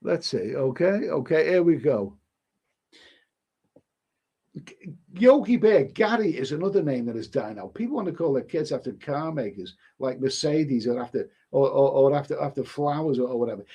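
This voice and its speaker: A man's voice: a little high, lively intonation, moderate pace, dark tone, breathy edge. A middle-aged man hosting a live stream in casual chat, rambling and often restarting his sentences as he reads viewer comments. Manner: rambling, repeats words, frequent restarts.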